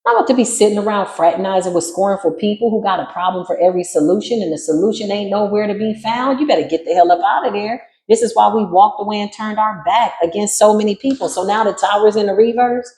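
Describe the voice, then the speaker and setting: A woman's voice: mid-range voice, fast talker, hardly any pauses, darkish tone, roomy sound, low-quality recording. A woman giving a spiritual tarot reading in a sassy, emphatic, preachy way. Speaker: tarot reader.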